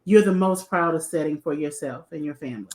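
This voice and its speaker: A woman's voice: deep voice, a little fast. A middle-aged woman hosting a podcast, chatting casually with a guest and heaping on praise. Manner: warm, effusive, repeats praise. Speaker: podcast host. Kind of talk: casual interview chat.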